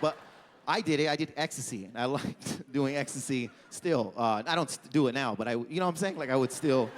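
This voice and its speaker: A man's voice: medium pitch, background noise. A young Canadian man doing a stand-up comedy set, rambling and self-deprecating with lots of "like.". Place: comedy club stage with audience. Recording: live comedy hall reverb.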